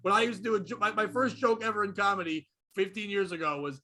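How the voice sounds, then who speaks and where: A man hosting a comedy podcast, ranting profanely and swinging from low muttering to loud outbursts. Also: fast, hardly any pauses. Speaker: podcast host. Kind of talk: casual comedy podcast rant.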